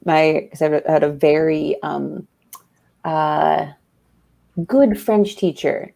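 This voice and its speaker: A woman chatting casually on a stream, talking haltingly with plenty of ums and uhs. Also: sits low, gravelly, mellow. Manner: halting, many fillers. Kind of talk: casual chat.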